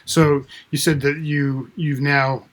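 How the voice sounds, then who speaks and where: A man with a fairly high voice hosts a casual interview. He is relaxed and supportive, answers his guest with easy agreement, and says dude and man often. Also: slow. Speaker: podcast host.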